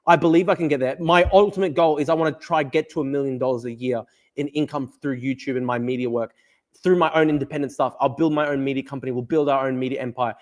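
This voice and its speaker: A man's voice: medium pitch, fairly even intonation, fast talker. Fired-up, swearing man. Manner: fired-up, profane, rambling. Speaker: livestream host. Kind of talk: casual livestream talk reading chat. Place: at a desk at home. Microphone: desk camera mic.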